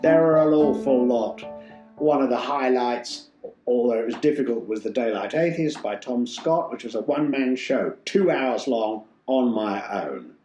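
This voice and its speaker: Older male stage actor from Yorkshire, theatrical storyteller in a roomy space with soft music under. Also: mid-range voice, expressive, unhurried. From Yorkshire, England. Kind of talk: casual interview storytelling. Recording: roomy echo, faint music.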